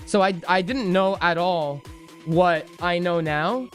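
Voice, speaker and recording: A man's voice: sits high, slow pace, soft background music. A man streaming about crypto trading, answering viewer questions in a loose, joking, self-deprecating way with many restarts. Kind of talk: casual livestream chat answering viewer questions.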